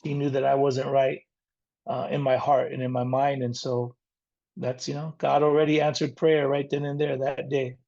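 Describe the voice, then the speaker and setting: A man's voice: medium pitch, little pitch movement, moderate pace, creaky, darkish tone, highs cut off. A middle-aged man from the San Diego area, a rock frontman telling his life story as an interview guest in an earnest, reflective way. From San Diego area, near the Mexican border. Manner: earnest, reflective, faith-centered.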